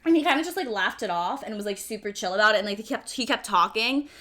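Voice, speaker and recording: A woman in her twenties, a podcast co-host, telling a story in casual chat, animated and self-mocking, swearing freely. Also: medium pitch, fast.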